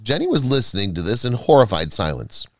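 A male narrator telling a scripted story, his pitch rising and falling widely. His delivery is dramatic and expressive. The sound is dry and close, without room echo. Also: brisk.

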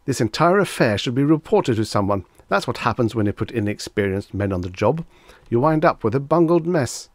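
A man voicing a panicky, haughty young dandy with a shrill, indignant manner. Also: animated, moderate pace, few pauses, dry recording. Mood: haughty scolding.

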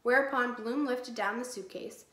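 A woman teacher reading a children's chapter book aloud, steady and clear. Her voice sits a bit high. The sound is roomy, with a clear echo. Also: moderate pace. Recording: echoey room.

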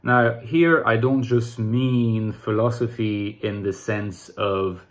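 A man's voice: on the low side, fairly even intonation. Man giving a reflective explainer talk. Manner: measured, reflective, with occasional restarts. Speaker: YouTube channel host. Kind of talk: explanatory solo monologue.

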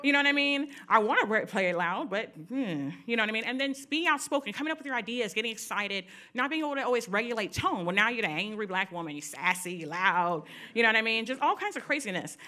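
A woman's voice: on the high side, lively intonation, quick pace, few pauses, pushed and bright. A middle-aged woman speaking candidly to an audience at a panel event, telling personal stories with many asides.

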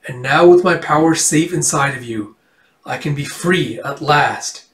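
A man's voice: on the high side, measured pace, natural voice. A man voicing an ancient wizard who speaks in a solemn, grand way. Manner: solemn, pronouncing. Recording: roomy echo, distant from the mic.

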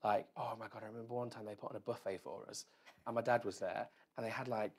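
Husky-voiced man telling rambling stories. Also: lowish voice, fairly even intonation, fast talker. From England. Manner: rambling, self-deprecating, lots of "like". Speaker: interview guest. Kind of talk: casual storytelling chat. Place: event room with live audience.

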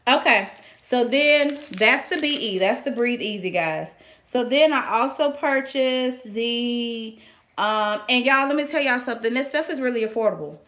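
Excitable chatty woman, high voice. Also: normal speed. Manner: excitable, chatty, playful slang, drops into whispers. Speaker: vlogger reviewing products. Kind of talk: casual unboxing chat.

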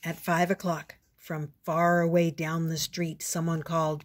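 A woman's voice: low voice, a little slow. Older woman reading a picture book aloud. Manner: expressive, playful storytelling. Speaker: storyteller.

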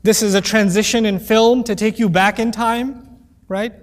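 High-voiced man teaching in a reverberant hall. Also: steady tone, moderate pace. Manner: conversational and joking, acts out quoted voices. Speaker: Quran teacher. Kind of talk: lecture-style Quran commentary.

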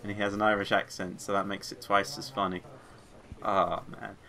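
A man's voice: fairly low pitch, little pitch movement, normal speed, sharp tone. A man doing casual let's play commentary, chatty and rambling, drifting off into tangents and singing along to music. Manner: rambling, chatty, easily sidetracked. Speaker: gaming video creator.

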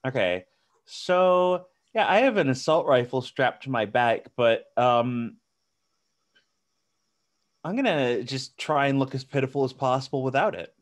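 A man's voice: mid-range voice, expressive, measured pace. A man playing a tabletop game in casual chat, playful and laughing often. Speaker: player.

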